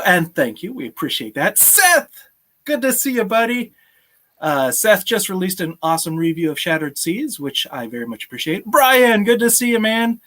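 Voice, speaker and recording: A man's voice: high-pitched, pushed and bright. Upbeat male stream host greeting viewers. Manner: upbeat, greeting viewers by name, laughing often. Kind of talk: casual live-stream chat.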